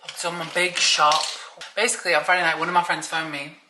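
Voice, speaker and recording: A woman's voice: low voice, little pitch movement, fairly quick. A young British woman vlogging in a casual, bubbly way, talking straight to her viewers. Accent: British English. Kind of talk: casual vlog chat. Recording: echoey room with background noise.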